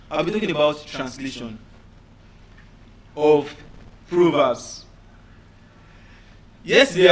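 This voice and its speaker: High, bright-voiced male teacher. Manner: deliberate, repeats words to drill students, checks understanding. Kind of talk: classroom lecture.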